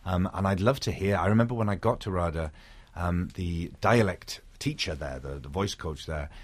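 A man's voice: deep voice, normal speed, breathy edge. A middle-aged man from Wales with a Welsh accent, an actor talking thoughtfully in an interview, with frequent restarts. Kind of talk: reflective interview conversation.

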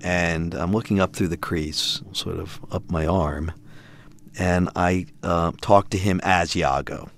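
A man's voice: low-pitched, slow pace. A middle-aged man telling a story about his family in conversation, acting out what people said. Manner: animated, acts out quotes in other voices.

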